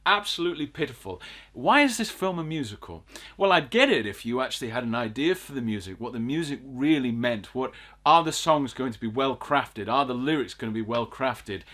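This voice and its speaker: Man, podcast host, mid-pitched voice, exasperated rant, repeats himself for emphasis. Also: lively intonation, fairly quick, a bit bright. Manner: ranting, exasperated, emphatic repetition. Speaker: film review podcast host. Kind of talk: casual film review chat.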